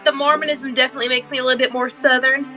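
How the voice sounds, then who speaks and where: A woman's voice: high voice, level tone, racing, sharp tone, faint music behind. A woman playing a tabletop game, chatting in an easygoing, offhand way. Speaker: player. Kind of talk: casual chat during a tabletop game.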